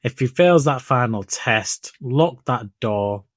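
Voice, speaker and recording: A man's voice: medium pitch, expressive, slow pace, no echo, clean studio sound. A man co-hosting a casual podcast, talking in a laid-back way and giving blunt advice. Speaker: podcast co-host.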